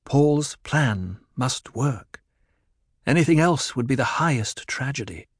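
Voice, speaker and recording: A man's voice: mid-range voice, expressive, slow pace, breathy edge, no room sound, studio quality, voice pushed up. A man voicing a worried noblewoman's inner thoughts. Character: composed, worried noblewoman, a mother.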